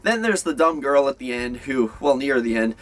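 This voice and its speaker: A man's voice: medium pitch, lively intonation, normal speed, fairly bright tone. A young man giving a casual, rambling movie review, full of fillers and restarts.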